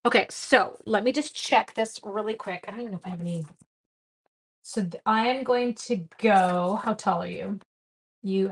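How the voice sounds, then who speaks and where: A woman's voice: medium pitch, normal speed. Chatty woman demonstrating crafts. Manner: chatty, talks straight to viewers, silly sound effects. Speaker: card-making demonstrator. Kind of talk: casual live-stream craft demo.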